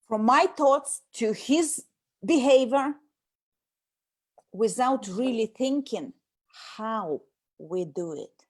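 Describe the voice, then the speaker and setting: High-voiced woman, animated chat, acts out nagging bits. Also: slow, long pauses. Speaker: host. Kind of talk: casual talk on communication.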